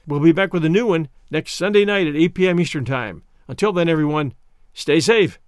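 A man's voice: a little high, brisk, clean tone. A man hosting a podcast, giving a scripted sign-off with thanks to listeners in an upbeat announcer manner. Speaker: podcast host.

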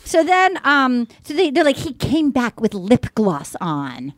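High-voiced woman recapping with quotes. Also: measured pace, dry recording. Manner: animated storyteller, acting out quotes. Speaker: podcast co-host. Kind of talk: casual chat recapping a dating show.

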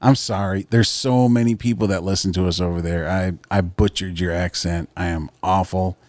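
A man's voice: low-pitched, fairly even intonation, moderate pace, darkish tone, dry recording, studio quality. Joking, profane podcast co-host man. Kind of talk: casual comedic chat.

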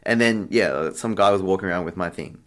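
A man's voice: deep voice, fairly quick. A young man being interviewed, chatting casually and acting out the exchanges in his story, with lots of fillers. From Australia. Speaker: interview guest, artist.

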